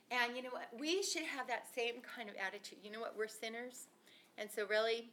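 A woman's voice: fairly high pitch, fairly bright tone, slight background noise. An older woman, a grandmother, talking casually and earnestly, telling a family story and quoting what she said. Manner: earnest storyteller, quotes her own past words. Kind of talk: casual conversational talk.

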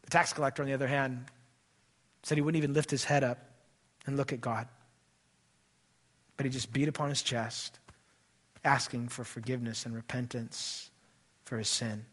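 A man preaching a sermon as pastor of a church, swinging between loud emphatic lines and soft low passages, then leading a prayer. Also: steady tone, normal speed, pauses often.

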